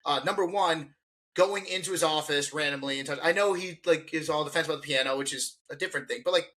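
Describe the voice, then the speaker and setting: A man with a fairly high, bright, forceful voice lays out his take on a film point by point. The tone is casual, with laughter now and then. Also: fast talker. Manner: argumentative, counts off points, laughs. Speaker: podcast co-host.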